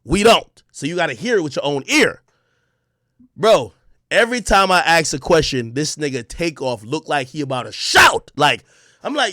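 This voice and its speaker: A man streaming, telling a story in an excitable, profane way, shouting as he reenacts moments. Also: high voice, brisk, dry recording, clean studio sound.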